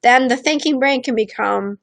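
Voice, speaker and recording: Gravelly-voiced woman hosting a casual stream. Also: sits high, normal speed, no echo. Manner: candid, acts out quoted voices, frequent restarts. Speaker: host of a streamed show. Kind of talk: casual explanatory talk.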